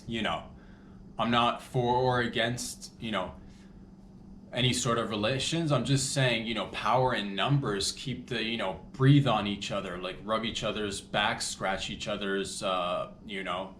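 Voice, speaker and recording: A man's voice: fairly low pitch, fairly bright tone, roomy sound, slight background noise. A man hosting a comedy podcast, rambling loosely with crude jokes and asides. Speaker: podcast host.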